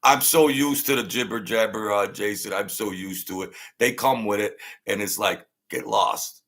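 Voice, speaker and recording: A man's voice: on the low side, moderate pace. A middle-aged man hosting a livestream, talking bluntly and mockingly while reacting to chat, repeating himself and ranting. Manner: blunt, mocking, repetitive, rants loudly then laughs. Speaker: channel host. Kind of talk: livestream commentary reading chat.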